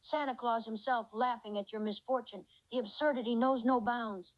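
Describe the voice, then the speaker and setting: A woman's voice: a little high, fairly even intonation, normal speed, muffled recording, close to an everyday voice. A woman's synthetic voice playing a cheerful reindeer companion in an AI chat role-play, effusive and full of praise. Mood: amused. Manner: effusive, reads out its own laughter cues.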